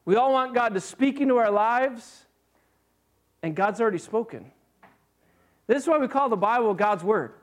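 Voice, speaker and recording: A man with a notably high voice preaching a sermon. He talks in an animated, conversational way, stumbling into restarts and fillers as he goes. His pitch stays light and lifts higher still when he gets excited. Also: moderate pace, long pauses. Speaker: pastor.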